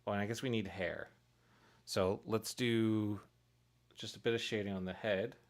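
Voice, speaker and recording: A man's voice: lowish voice, fairly even intonation, normal speed. A man casually narrating his work on a live stream, thinking aloud and chuckling at his own mistakes. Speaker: streamer making pixel art for a game.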